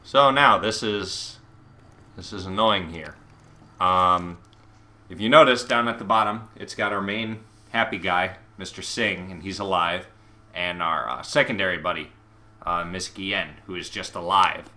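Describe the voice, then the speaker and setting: A man hosting a let's play, chatting casually and sarcastically over the game, with sudden loud shouts when the action heats up. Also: low voice, measured pace. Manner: rambling, sarcastic, bursts into loud excited shouts during fights. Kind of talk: casual gameplay commentary. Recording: game audio and noise behind the voice.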